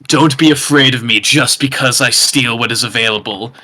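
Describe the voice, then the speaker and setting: A man playing a boastful heel wrestler, a thieving bandit, cutting an improvised wrestling promo with shouted threats. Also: mid-range voice, moderate pace, poor audio. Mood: trailer-style grandiose.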